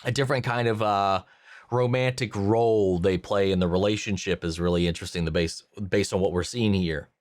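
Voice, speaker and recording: A man's voice: low voice, steady tone, fairly quick, dry recording, clean studio sound. A man hosting a reaction channel, thinking aloud about a series episode in a casual review with many fillers and restarts.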